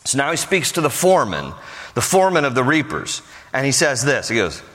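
A man's voice: mid-range voice, sing-song, brisk, fairly bright tone. A man preaching a sermon, joking conversationally and telling the story with plenty of animation. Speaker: pastor. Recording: hall reverb.

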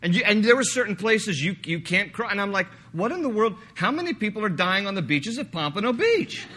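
A man preaching a sermon, animated and joking, slipping into mock voices to make his point. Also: sits high, brisk. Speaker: pastor.

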